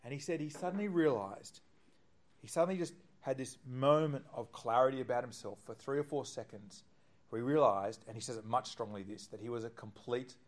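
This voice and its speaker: Middle-aged male pastor, sermon delivery, mid-pitched, animated, dropping to near-whispers for quotes. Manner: animated, quoting with shifts between hushed and loud.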